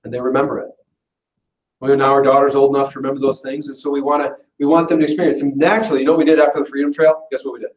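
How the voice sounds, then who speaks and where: A man giving a chatty, self-deprecating business pitch to a live audience in a meeting room, often breaking into laughs. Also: little pitch movement, rapid-fire. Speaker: business presenter at an info session. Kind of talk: casual, joking sales pitch to a live audience. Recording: roomy echo, voice far from the mic.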